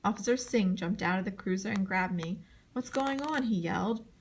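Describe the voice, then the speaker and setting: This audiobook reader, a woman, moves briskly through a chapter book over very noisy audio. She voices the dialogue with lively energy and climbs high for shouts, reading from a script.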